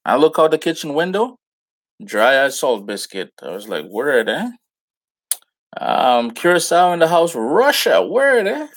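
A man with a Trinidadian accent hosting a live cooking chat show, greeting viewers by name in relaxed, slangy talk. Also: a little high, moderate pace. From Trinidad and Tobago. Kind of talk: casual live-stream chat.

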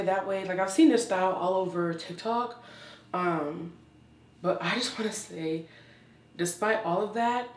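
A young woman vlogging a swimsuit try-on haul in sassy, exuberant casual chat. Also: on the low side. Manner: sassy, exuberant, says "child" often. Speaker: fashion vlogger. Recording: roomy, from a distance.

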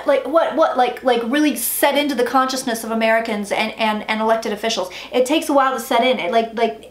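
A woman giving an excited tarot reading, rushing and emphatic, swearing often and talking like an auctioneer. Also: on the high side. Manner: rapid, profane, emphatic, says she talks like an auctioneer. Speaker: psychic tarot reader. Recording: echoey room with faint noise.

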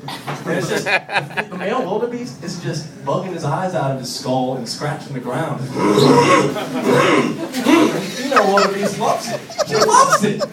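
Loose, profane young comedian in an echoey bar. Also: male voice, high voice, wildly swooping pitch, measured pace. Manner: loose, profane, chuckling through lines. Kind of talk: stand-up comedy set. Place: bar and grill at an open mic. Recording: echoey room from far off, crowd noise.

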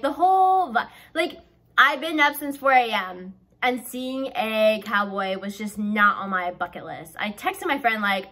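A young woman from the American South, telling a story in a chatty, animated way and saying "like" constantly. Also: medium pitch. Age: young adult. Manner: chatty and animated, heavy use of "like". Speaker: vlogger. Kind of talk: storytime vlog.

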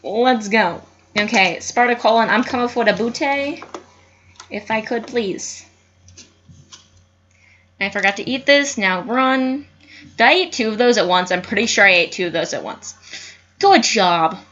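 Excitable young woman yelling at her game. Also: on the high side, a little slow, pauses often, dull audio. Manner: excitable, yells at the screen, frequent cussing. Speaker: gaming youtuber. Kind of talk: casual gameplay commentary.

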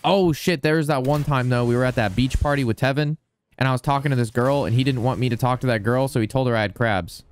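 A young man giving casual gameplay commentary as a streamer, rambling, excitable and swearing a lot. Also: mid-range voice, fast talker, clear, resonant tone.

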